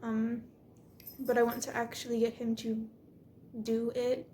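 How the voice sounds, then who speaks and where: A chatty young woman with a slightly high voice explains her dog training in a relaxed, reassuring way. She speaks from an echoey room at home with a faint hiss behind her. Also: a little slow. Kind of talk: casual vlog narration.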